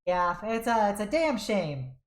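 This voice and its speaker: A young woman streamer rambles cheerfully between games, laughing often. Her pitch leaps up and down as she talks, and the sound carries a roomy echo. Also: sing-song, measured pace. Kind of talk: casual chat while gaming.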